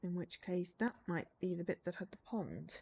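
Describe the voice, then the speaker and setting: Chatty woman streaming a game, lively pitch. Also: moderate pace, breathy edge. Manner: chatty, talks to herself while playing. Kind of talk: casual gameplay commentary.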